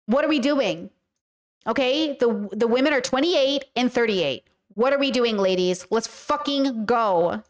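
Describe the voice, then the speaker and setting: A woman's voice: fairly high pitch, unhurried. A woman hosting a reaction commentary, talking to her chat in a heated, profane rant. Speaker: commentary host.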